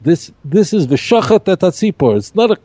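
Middle-aged guy, rabbi, explaining scripture all emphatic, dry close sound, a bit higher voice. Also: a little fast, no echo. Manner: animated, emphatic teaching with repeated phrases. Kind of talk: podcast Bible discussion.

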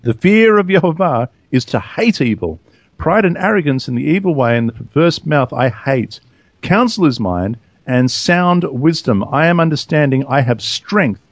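A man's voice: on the high side, animated, moderate pace, dry recording. Dry-sounding man reading scripture. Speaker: host. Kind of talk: casual podcast discussion and scripture reading.

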